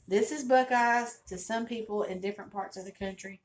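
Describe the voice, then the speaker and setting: Speaking a little fast in a medium-pitched voice, a middle-aged cooking channel host with a Southern US accent demonstrates home cooking from her kitchen. She's folksy and chatty, telling stories as she goes.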